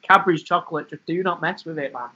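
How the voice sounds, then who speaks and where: Bright-voiced guy cracking jokes on a podcast, lo-fi sound. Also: a little high, fast talker. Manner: jokey, laughs often. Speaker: podcast co-host. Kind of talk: casual chat. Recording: dull lo-fi sound.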